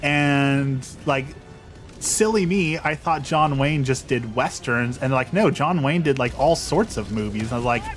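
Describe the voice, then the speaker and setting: A man's voice: mid-range voice, measured pace, faint music behind. Rambling young man chatting while gaming. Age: young adult. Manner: rambling, self-deprecating, frequent restarts. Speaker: streamer. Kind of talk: casual gameplay chat.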